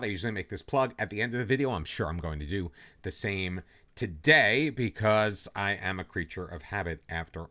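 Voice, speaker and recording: A man hosting a football manager let's play, talking casually and poking fun at himself. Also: low voice. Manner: chatty, self-deprecating, lively ups and downs. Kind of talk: casual gameplay commentary.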